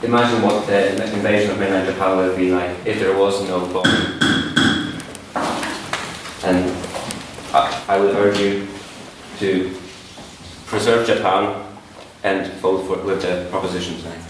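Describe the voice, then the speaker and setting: A man with a lowish voice makes an earnest case in a formal debate, halting and restarting as he goes. He sounds distant, and the large chamber echoes heavily around him. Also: flat delivery, background noise. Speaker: debate speaker. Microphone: far room mic. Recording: echoey hall from far off.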